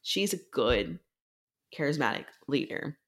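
A woman's voice: a bass voice, sing-song, a little slow. A young woman co-hosting a podcast, recapping a novel in casual chat over a video call and acting out the characters' lines. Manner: chatty, swears casually, acts out characters' lines. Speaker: podcast co-host.

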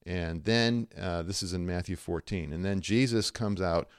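Lively low-voiced male podcast host. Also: normal speed, clear, resonant tone, dry recording, clean studio sound. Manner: animated storytelling, acts out quoted voices. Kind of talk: conversational faith podcast.

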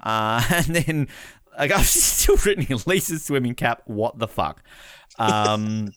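A man hosting a casual podcast recap, animated, laughing often and mimicking the people he talks about. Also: medium pitch, slow, smooth, no echo, clean studio sound. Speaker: podcast host.

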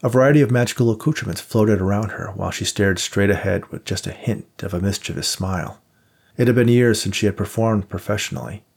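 A man narrating an audiobook in a measured, even way. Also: fairly low pitch, creaky, husky. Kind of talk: scripted narration.

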